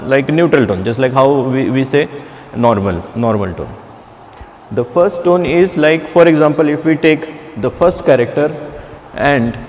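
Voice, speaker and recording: Slow-speaking male teacher in an echoey room. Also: medium pitch, darkish tone, a little hiss or hum. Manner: slow, halting, repeats and restarts, fillers. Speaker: Chinese language teacher. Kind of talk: classroom lecture.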